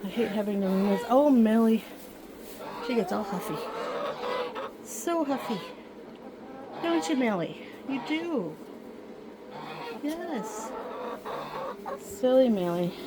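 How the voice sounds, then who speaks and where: A woman's voice: fairly high pitch, expressive, takes it slowly, long pauses, noisy background. A woman who keeps birds, chatting sweetly to her hens and ducks as she gathers eggs outdoors. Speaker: backyard bird keeper. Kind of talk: casual narration while gathering eggs. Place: outdoors in a poultry yard. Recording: loud farm birds behind.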